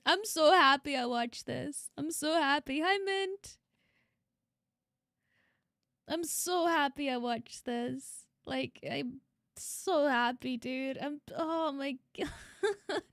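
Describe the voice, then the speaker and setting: A woman's voice: high-pitched, slow, a bit bright, dry recording, clean studio sound. A woman VTuber streaming a casual reaction, emotional, laughing often and swearing freely.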